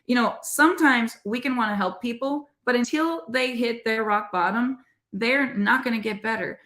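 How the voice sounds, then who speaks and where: A woman's voice: fairly high pitch, moderate pace, sharp tone. Middle-aged woman podcast co-host, earnest motivational faith talk, casual delivery, roomy echo. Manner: earnest, conversational, addresses listeners as "you guys".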